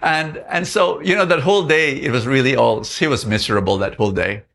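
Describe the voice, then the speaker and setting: A middle-aged man with a Filipino accent preaches a devotional message. He tells his story in an animated way, often repeating words and restarting lines for emphasis. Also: mid-range voice, fairly quick, creaky, a little hiss or hum. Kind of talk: Christmas devotional sermon.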